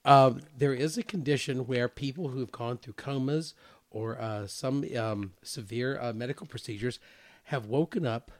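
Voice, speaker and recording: A man in casual podcast chat, speaking haltingly with many fillers. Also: mid-range voice, darkish tone, no echo.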